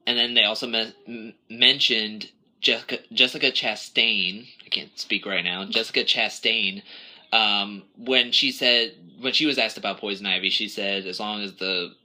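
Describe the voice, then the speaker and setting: Guy cohosting a podcast, low voice but really bright and sharp, rambly casual chat. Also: fairly even intonation, normal speed. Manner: rambling, self-correcting, acts out quotes. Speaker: podcast co-host.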